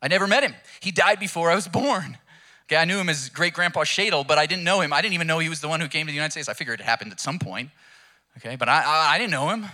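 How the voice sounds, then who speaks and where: A man's voice: on the high side, expressive, fast talker, bright, forceful tone. A young adult man preaching a sermon in a casual, storytelling way with jokes. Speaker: pastor.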